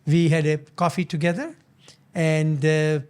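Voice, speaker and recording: An older man hosting his own show, giving earnest, motivational business advice in a halting way, often restarting and repeating words. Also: a little high, little pitch movement, darkish tone, clean tone. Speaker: business founder and show host.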